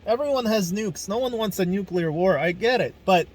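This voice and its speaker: A man's voice: high voice, animated, normal speed. A young man from Ukraine hosting a casual video podcast, ranting angrily with lots of swearing and fillers. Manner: angry, profane ranting with fillers. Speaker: podcast host.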